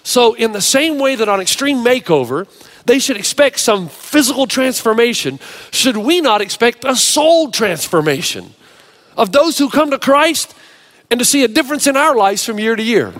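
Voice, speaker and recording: High-voiced man preaching a sermon. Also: normal speed. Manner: storytelling preacher, animated delivery with varied pace. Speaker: pastor.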